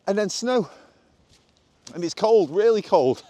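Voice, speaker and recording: A man's voice: high-pitched, animated, a little slow, mellow, no room sound. A man vlogging on a country walk outdoors, chatty and self-mocking, filmed on a handheld camera while walking. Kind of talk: rambling walk-and-talk vlog.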